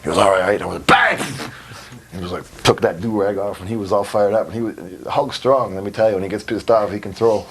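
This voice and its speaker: Fast-talking with few pauses and a fairly low pitch, a wrestler rambles bluntly through a 2002 interview, swearing liberally and breaking into laughter between anecdotes.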